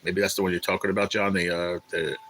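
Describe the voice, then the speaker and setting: A man's voice: low voice, flat delivery, fast, a bit bright, slight background noise, rough recording. A man hosting a casual livestream, rambling and swearing as he answers viewers in the chat. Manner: rambling, profane, chatty with viewers. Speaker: livestream host reading chat.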